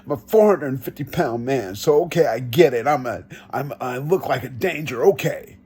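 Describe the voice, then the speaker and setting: A man giving an earnest first-person testimony, telling it slowly and reenacting his own pleas. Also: medium pitch, lively intonation, darkish tone. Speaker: vlogger.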